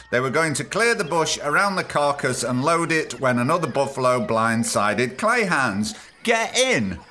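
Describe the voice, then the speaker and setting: A man's voice: fairly high pitch, pushed and bright, a little hiss or hum. A man hosting a podcast, giving irreverent, sarcastic, rambling comic commentary on news stories. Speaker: podcast host.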